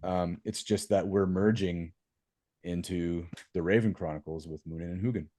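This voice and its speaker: A man's voice: sits low, fairly even intonation, normal speed, mellow, dry recording, clean studio sound. A man co-hosting a podcast in casual chat, speaking in an earnest, reflective way. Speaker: podcast co-host.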